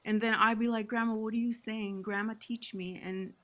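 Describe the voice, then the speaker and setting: A woman's voice: on the high side, fairly even intonation, normal speed, a bit bright. A woman from Six Nations, Canada, a podcast guest telling her family story in an emotional, reflective way. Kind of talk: podcast conversation.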